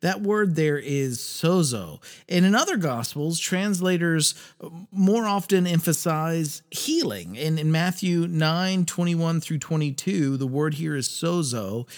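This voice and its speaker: Man, podcast host, earnest, gravelly, slightly high voice. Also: animated. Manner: earnest, reading scripture passages aloud with pauses. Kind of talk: reflective faith podcast talk.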